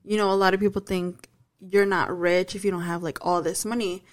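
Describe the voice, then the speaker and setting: A woman's voice: on the low side, flat delivery, brisk. A young woman co-hosting a podcast, chiming in with matter-of-fact remarks in casual chat. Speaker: podcast co-host.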